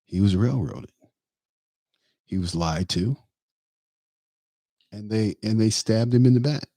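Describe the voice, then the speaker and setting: Deep-voiced opinionated male talk host. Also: measured pace, warm tone, dry recording. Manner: opinionated, emphatic, rambling with fillers. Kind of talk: political commentary monologue. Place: Tampa area.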